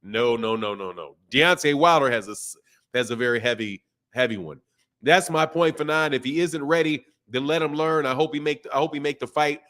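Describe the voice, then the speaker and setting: A man's voice: mid-range voice, fairly quick, a bit bright. A man hosting a boxing livestream, talking loosely and casually in slang with frequent restarts while reading out viewer chats. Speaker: boxing channel host.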